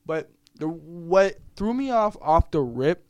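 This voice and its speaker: A man's voice: on the high side, very animated, takes it slowly, smooth, no echo, highs cut off. A young man from the United States, a podcast guest telling a long travel story in casual chat, laid-back, swearing freely and laughing often.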